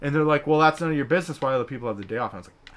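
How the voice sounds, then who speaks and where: A man co-hosting a casual gaming chat, telling a profane, animated story and acting out the people in it. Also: on the high side, very fast. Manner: profane, animated, acts out quoted bosses.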